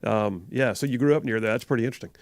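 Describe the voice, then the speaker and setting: Gravelly Southern radio host, laughing easily. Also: male voice, medium pitch, racing, no room sound. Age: middle-aged. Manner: rambling, chuckling, self-correcting. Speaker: radio talk show host. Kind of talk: casual live call-in radio chat. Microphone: studio microphone.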